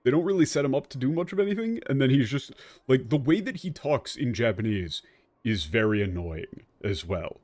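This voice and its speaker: A man streaming a game, talking casually and ranting in an animated way with frequent restarts. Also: mid-range voice, fairly quick, no room sound, faint music behind. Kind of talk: casual commentary while playing.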